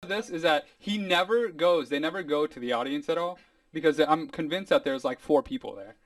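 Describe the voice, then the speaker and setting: A man hosting a podcast in casual chat, talking in an animated, mocking way. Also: a little high, a little fast, no room sound, distant mic. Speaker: podcast host.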